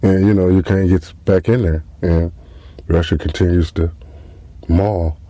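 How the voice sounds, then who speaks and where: Low mellow podcast guy rambling through a profane comic story, dry close sound. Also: fairly even intonation, a little slow, dry recording. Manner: casual, profane, rambling with many fillers. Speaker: podcast host. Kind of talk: comedic storytelling monologue.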